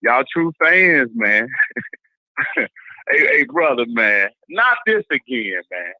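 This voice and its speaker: A man's voice: mid-range voice, very animated, slow pace, dry recording. A man calling in to a talk show, ranting passionately and repeating himself in a preachy way. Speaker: caller. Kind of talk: casual call-in rant. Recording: dull lo-fi phone call.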